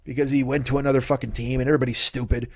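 A man's voice: mid-range voice, flat delivery, racing, breathy edge, no room sound. A man in his fifties hosting a solo comedy podcast, rambling through a profane, sarcastic rant. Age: 50s.

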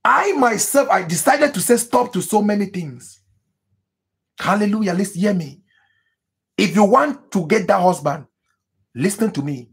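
A man preaching as a pastor, with emphatic repetitions, sudden high cries. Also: animated, normal speed, vocal fry, long pauses, breathy edge. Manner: mimics people praying in tongues. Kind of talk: sermon.

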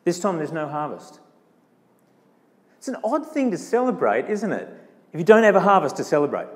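A man preaching a sermon in a church, animated, acting out quoted voices with big swings in tone. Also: on the high side, moderate pace. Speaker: pastor. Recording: long church hall reverb.

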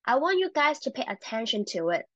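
A woman teaching a Chinese language lesson, encouraging and repeating words slowly for learners. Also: on the high side, very animated, a bit bright, no room sound, dull audio.

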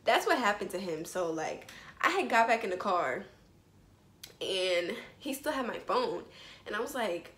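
A young woman telling a storytime to her viewers at an everyday pitch, animated and slangy. Her voice bounces around an echoey room. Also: a little slow. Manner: animated, slangy, lots of "like" and "bro". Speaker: vlogger telling a personal story. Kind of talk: casual storytime chat to camera.

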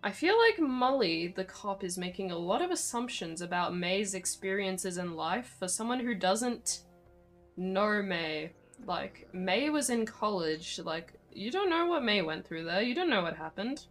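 A woman's voice: mid-range voice, animated, measured pace, faint music behind. A woman streaming a game live, giving chatty, wry commentary on the story. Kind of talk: casual let's-play commentary.

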